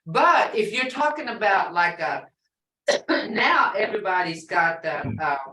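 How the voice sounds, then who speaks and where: A woman's voice: medium pitch, big pitch swings, a little slow, sharp tone, reverberant, recorded from a distance, low-quality recording. An older woman teaching a language class, chatty and storytelling, repeating words for emphasis.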